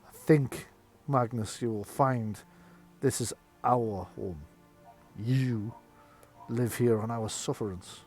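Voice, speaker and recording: A man's voice: mid-range voice, slow pace, darkish tone, soft background music, natural voice. A man playing a stern sorceress mistress. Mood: icy. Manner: cold, imperious. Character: stern commanding mistress of a wizard tower, woman.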